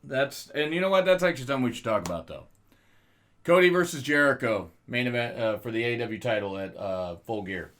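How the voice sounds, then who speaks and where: Podcast co-host, male, loose and profane, laughs easily, mid pitch. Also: expressive, a little fast, a bit bright. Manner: loose, profane, laughs at his own jokes. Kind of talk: casual wrestling chat.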